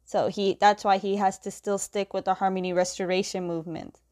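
A woman casually retelling the scenes of a comic, quoting the characters' lines with fillers and quick self-corrections. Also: medium pitch, level tone, darkish tone. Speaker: comic recap host. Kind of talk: casual story recap.

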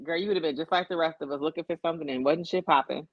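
A woman chats casually as a podcast co-host, spinning animated stories full of acted-out quotes. Her voice sits a little low. The sound is dry and a bit dull, close to the mic. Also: racing, no echo. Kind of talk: casual chat.

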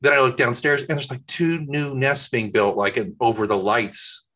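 A man with a bright, forceful voice co-hosts a relaxed podcast from his home office. He tells stories in an animated way and slips into quick voices for the characters in them. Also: medium pitch. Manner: animated storyteller, acts out voices in his anecdotes. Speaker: podcast co-host. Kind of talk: casual chat.

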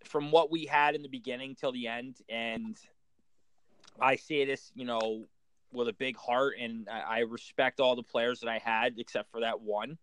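A man's voice: mid-range voice, steady tone, a bit bright. A man, a hockey coach, telling stories in casual chat, cursing and restarting his sentences often. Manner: profane, halting, restarts often.

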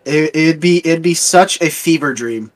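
A man's voice: on the high side, moderate pace. A man co-hosting a casual podcast while a little under the weather, often stalling and restarting as he searches for words. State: a little sick. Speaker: podcast co-host. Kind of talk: casual chat.

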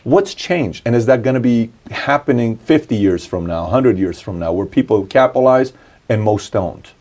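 A man's voice: medium pitch, lively intonation, normal speed, a little mellow. A man interviewing a guest, asking curious, rambling questions and affirming his answers.

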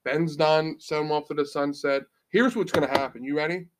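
A man's voice: fairly high pitch, fairly even intonation, fairly quick, a little hiss or hum. A man co-hosting a sports podcast, bantering casually with brash, profane jokes.

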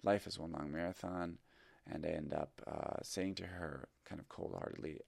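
A man's voice: sits low, moderate pace, creaky, dry recording, clean studio sound. A middle-aged man who teaches improv tells a personal story in a reflective, candid and self-critical way. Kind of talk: confessional storytelling.

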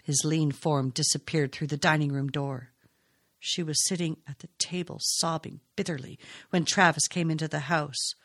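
A woman narrating a novel aloud in a measured, expressive way. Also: low voice, dry recording, studio quality. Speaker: audiobook reader.

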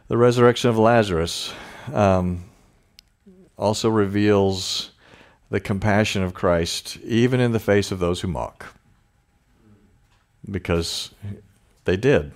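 Low-voiced man preaching casually. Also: takes it slowly, pauses often. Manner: informal, chatty asides with chuckles. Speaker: pastor. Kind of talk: conversational sermon.

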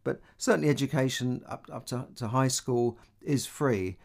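A man's voice: mid-range voice, moderate pace, vocal fry, darkish tone. A middle-aged man from London with a Cockney accent, talking casually and rambling about money and opportunity, full of fillers and restarts. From London, England. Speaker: money advice host. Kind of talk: casual monologue.

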